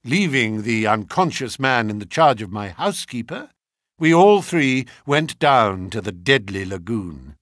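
Expressive man reading a detective story. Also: medium pitch, measured pace, no echo, clean studio sound. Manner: expressive, dramatic first-person telling. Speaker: audiobook reader. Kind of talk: scripted narration of a classic detective story.

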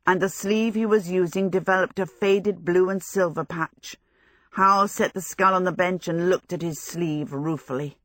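Lower-voiced woman narrating a storybook. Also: dry recording, clean studio sound. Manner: expressive, measured storytelling. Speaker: audiobook narrator.

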